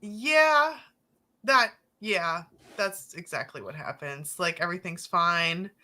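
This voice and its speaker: A woman in casual chat, animated and joking. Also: lowish voice, slow pace.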